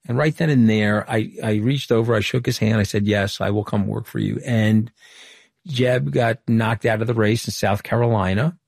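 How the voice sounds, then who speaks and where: A middle-aged man from Long Island, a former political communications director, answering interview questions in a brisk storytelling way full of quoted dialogue. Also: fairly low pitch, creaky, darkish tone, no room sound, clean studio sound. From Long Island, New York.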